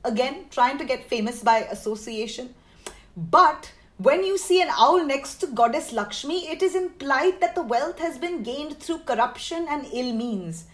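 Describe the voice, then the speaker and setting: A woman's voice: sits high, expressive, measured pace. A woman, a comedian guest on a podcast, ranting in a sarcastic, mock-outraged way. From India.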